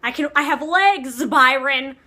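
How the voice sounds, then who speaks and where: A woman's voice: on the high side, little pitch movement, normal speed, fairly bright tone. Woman doing an exasperated, indignant young woman.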